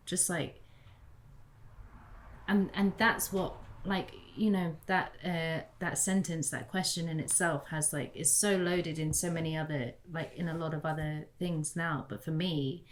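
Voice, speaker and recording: A woman's voice: low-pitched, steady tone, unhurried. A woman from the UK in a casual, reflective conversation, talking chattily and saying "like" often. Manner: chatty, heavy use of "like". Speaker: guest.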